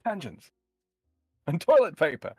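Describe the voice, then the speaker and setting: A man's voice: a little high, big pitch swings, measured pace, warm tone, slightly rough, dry recording, soft background music. A man in casual chat, wry and playful, with dry jokes and asides. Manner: wry, playful, drops into mock accents.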